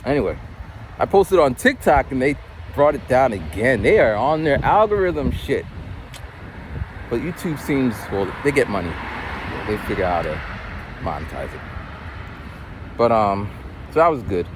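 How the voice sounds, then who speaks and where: A man walks down a city street and talks to his phone camera in a loose, storytelling way. His pitch swings up and down a lot. Clear traffic and street noise run under his voice. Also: moderate pace, long pauses. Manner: chatty, storytelling, animated. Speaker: vlogger. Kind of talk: casual vlog monologue.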